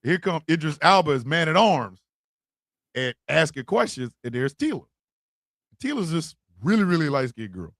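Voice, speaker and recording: A man co-hosting a casual podcast chat, talking with lots of profanity and loudly acting out quotes. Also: on the high side, big pitch swings, moderate pace, dry recording, clean studio sound. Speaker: podcast co-host.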